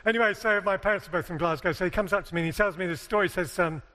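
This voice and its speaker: High-voiced man speaking in a reverberant hall. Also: racing, bright, forceful tone. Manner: jokey, conversational, asks the audience questions. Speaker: seminar speaker. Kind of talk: conference talk to a live audience. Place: large hall with a live audience.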